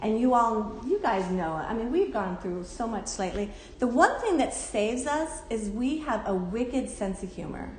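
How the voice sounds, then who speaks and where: A woman's voice: on the high side, lively intonation, normal speed, hardly any pauses, a little hiss or hum. A woman giving a casual spiritual talk to a class, candid and chatty, swearing and laughing often. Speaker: spiritual teacher. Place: temple room. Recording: roomy echo.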